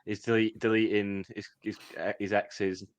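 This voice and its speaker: A man's voice: fairly low pitch, level tone, moderate pace, no echo. A man co-hosting a podcast, eagerly jumping in with his favourite scenes. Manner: enthusiastic, jumps in with favourite bits. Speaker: podcast co-host. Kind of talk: casual chat.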